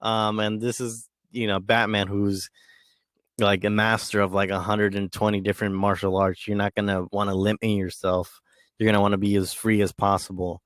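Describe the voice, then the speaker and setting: A man talking on his own podcast in a lowish voice, recorded close and dry with no room sound. He rambles casually, full of ums and restarts. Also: level tone, normal speed, dry recording. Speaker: podcast host. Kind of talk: casual solo monologue.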